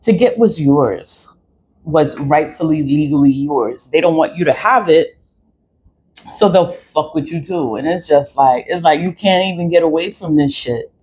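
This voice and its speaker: A woman's voice: low-pitched, measured pace, darkish tone, slight background noise, low-quality recording. Rambling woman vlogging casually. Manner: rambling, repeats phrases, mimics others in quoted asides. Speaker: spiritual vlogger. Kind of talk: casual monologue to camera. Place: high-rise apartment in a city.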